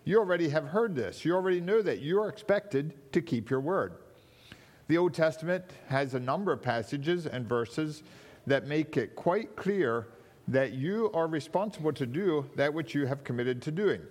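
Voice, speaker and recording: A man with a slightly higher voice delivers a sermon. He speaks in a measured, teaching way and slows down to lean on important words. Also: animated, darkish tone. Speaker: preacher.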